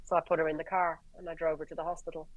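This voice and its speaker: An Irish woman, a paramedic guest, telling stories in a lively way, swearing and acting out the dialogue. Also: low-pitched, very fast, no echo, muffled recording. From Ireland. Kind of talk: animated storytelling in conversation.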